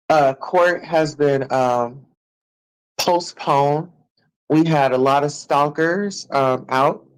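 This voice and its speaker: Brash, sassy man, high-ish voice. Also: rough recording. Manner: sassy, brash, swearing, drawn-out sing-song taunts. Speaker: live streamer. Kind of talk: profane live-stream rant to commenters.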